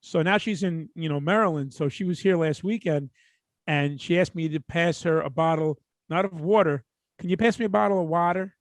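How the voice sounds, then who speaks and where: A Brooklyn man with a somewhat high voice chats easily with his co-host. He backs up jokes and tosses in little impressions. The recording is dry and close. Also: a little fast, no room sound. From Brooklyn, New York. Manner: chatty, agreeable, trades bits and impressions. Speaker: podcast co-host. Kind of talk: casual chat.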